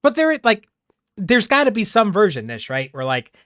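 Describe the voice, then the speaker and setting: A man's voice: high-pitched, normal speed, no echo, clean studio sound. Rambling man, casual stream chat. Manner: rambling, animated, laughs often.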